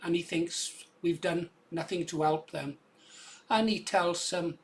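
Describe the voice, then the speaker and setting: A man's voice: fairly high pitch, steady tone, measured pace. A man with an English accent giving casual, conversational commentary on video clips, often adding "yeah?" to his points. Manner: conversational, tag questions like "yeah?".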